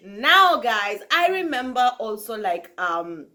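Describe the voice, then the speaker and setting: A woman hosting a talk show, telling a story casually to her viewers in an animated way, often laughing. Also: fairly high pitch, moderate pace. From Kenya.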